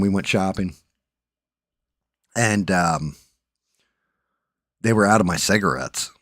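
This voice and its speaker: A man's voice: low voice, a bit bright, no room sound, studio quality. A middle-aged man hosting a live stream, talking casually in a rambling, profane, joking way. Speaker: livestream host.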